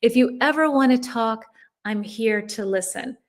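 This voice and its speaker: A middle-aged woman with a somewhat high voice runs a live English lesson from her own stream. She talks in a chatty way, reading out viewers' comments and answering them as she goes. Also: measured pace. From United States. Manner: chatty, reads viewers' comments aloud and reacts warmly. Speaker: English teacher.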